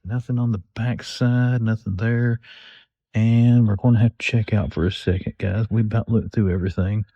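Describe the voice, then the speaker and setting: A man's voice: fairly low pitch, steady tone, moderate pace, mellow, dry recording, dull audio. A man giving casual running commentary to viewers while browsing toy aisles in retail stores, recorded on a handheld phone. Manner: casual, chatty, talks to viewers as "guys". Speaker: toy collector vlogger.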